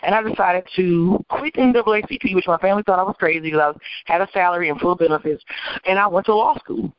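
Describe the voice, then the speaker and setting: A woman attorney from Michigan telling her life story as an interview guest, animated and acting out the people she quotes. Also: fairly low pitch, fast, no echo. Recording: dull, dry lo-fi recording.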